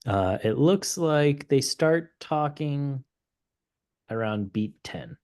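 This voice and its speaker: A man hosting a casual software demo livestream, relaxed and thinking aloud as he clicks through the tool. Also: medium pitch, slow. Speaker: host of a product livestream.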